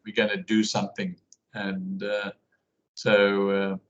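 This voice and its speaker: A man with a fairly low voice talks casually over a video call. He speaks haltingly, stacking fillers and restarting his sentences as he thinks aloud. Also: monotone, dull audio. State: hiccuping. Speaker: class guide and researcher. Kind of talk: casual conversation.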